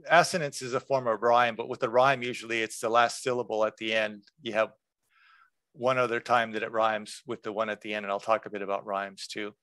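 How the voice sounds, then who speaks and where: In a relaxed, conversational manner, a man with a mid-range voice presents a workshop lecture, explaining terms through examples. There's no echo on the recording.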